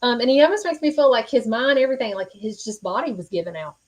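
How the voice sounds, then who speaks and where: A woman's voice: fairly high pitch, fast talker, poor audio. A woman hosting a live-stream psychic reading, earnest and reassuring, speaking folksy with many fillers. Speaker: psychic medium host.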